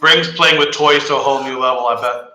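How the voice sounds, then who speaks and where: A man chatting casually as a guest, relaxed and agreeable, with easy chuckles. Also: medium pitch, fast talker. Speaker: guest friend. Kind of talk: casual chat. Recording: echoey room.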